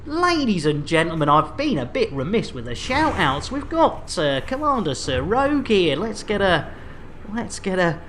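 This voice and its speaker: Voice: medium pitch, sing-song, normal speed, fairly bright tone, slight background noise. A game streamer chatting casually on a live stream, with jolly, chatty showman patter and playful catchphrases.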